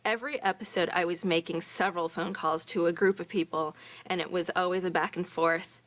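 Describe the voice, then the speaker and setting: Low-voiced woman, dry close sound. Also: fairly even intonation, brisk, fairly bright tone, dry recording. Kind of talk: documentary interview.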